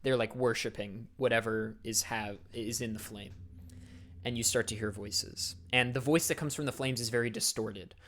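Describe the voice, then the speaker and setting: A man's voice: medium pitch, fairly even intonation, normal speed, a bit bright, a little hiss or hum. Male dungeon master, casual, rambling with "like" and "uh". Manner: casual, filler-heavy description. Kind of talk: narrating a tabletop game.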